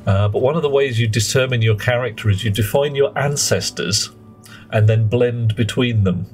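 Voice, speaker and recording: A man's voice: mid-range voice, moderate pace, a little mellow, soft background music. A man streaming a game live, chatting in a jokey, rambling way and greeting viewers between explanations.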